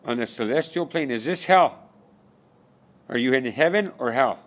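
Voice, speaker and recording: A man's voice: medium pitch, expressive, normal speed. A man delivering a rambling spiritual monologue, firing rhetorical questions and swearing often. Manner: profane, rhetorical, repeats questions. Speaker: spiritual speaker.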